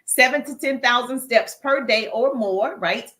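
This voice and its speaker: A woman's voice: on the high side, measured pace, bright, forceful tone. A woman with a Southern US accent hosts a live business Q&A stream, greeting viewers in the chat with upbeat energy while walking on a treadmill and getting over a cough. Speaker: livestream host, business coach.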